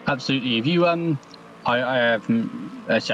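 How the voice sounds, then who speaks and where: A man's voice: medium pitch, fairly quick, fairly bright tone, distant mic, highs cut off, a little hiss or hum. A man commentating a sim race, chatty and self-deprecating. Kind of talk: live sim racing commentary.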